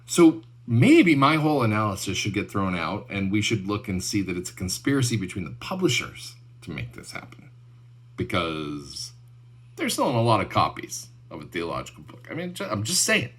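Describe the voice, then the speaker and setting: A young adult man, a show host, giving casual closing remarks and a fundraising appeal in a relaxed, joking, self-deprecating way. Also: fairly low pitch, normal speed.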